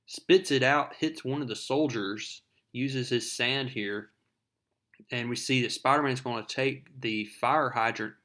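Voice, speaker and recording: A man's voice: mid-range voice, bright, forceful tone. A man casually retelling a comic book story in a conversational, storytelling way.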